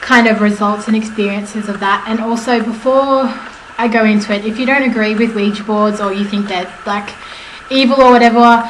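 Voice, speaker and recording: A woman's voice: mid-range voice, fairly even intonation, normal speed. A young woman vlogging at home, telling a story to camera in a chatty, rambling way with lots of fillers and self-corrections. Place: at home indoors. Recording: echoey room with faint background noise.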